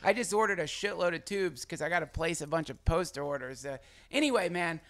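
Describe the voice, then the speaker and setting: A man's voice: on the high side, brisk. A man hosting a podcast in casual chat, reacting briefly and with amusement to a guest's story. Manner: short reactions, relaxed and amused. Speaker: podcast host.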